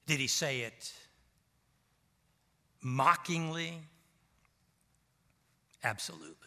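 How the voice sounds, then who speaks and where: A man's voice: mid-range voice, big pitch swings, slow, pushed and bright. A male pastor preaching an emphatic sermon and calling on the congregation for responses. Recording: long hall reverb.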